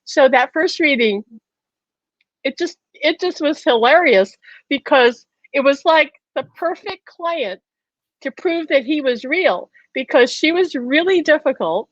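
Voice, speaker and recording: A woman hosting a show, telling a personal story in an animated way, laughing often and acting out conversations in quotes. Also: sits high, unhurried, no echo, dull audio. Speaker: host.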